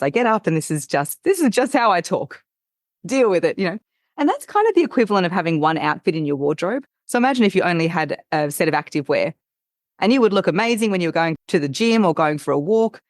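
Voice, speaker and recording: Brief: woman, voice coach, lower pitch, expressive teacherly delivery, dry close sound. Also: no echo. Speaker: voice coach guest. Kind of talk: casual podcast chat.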